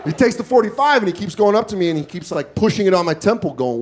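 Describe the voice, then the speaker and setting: High, lively male stand-up comedian. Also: fast, few pauses, slight background noise. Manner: animated, self-mocking, acting out scenes.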